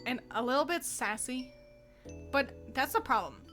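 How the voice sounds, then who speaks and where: A woman's voice: high voice, animated, moderate pace, a bit bright, soft background music. A woman streamer in casual, rambling chat, laughing often as she reacts to fan art.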